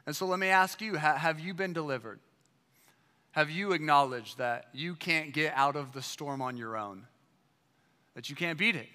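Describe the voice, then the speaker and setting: A man's voice: a little high, normal speed, sharp tone, long reverb tail. A man preaching as pastor, emphatic and full of rhetorical questions. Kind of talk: sermon.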